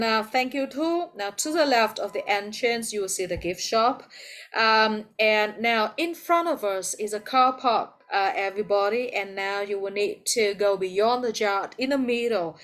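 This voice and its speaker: Woman, Vietnamese accent, English teacher, video call, slow, patient, encouraging. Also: medium pitch, a bit bright. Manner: patient, encouraging, calls on students by name. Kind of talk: online class teaching.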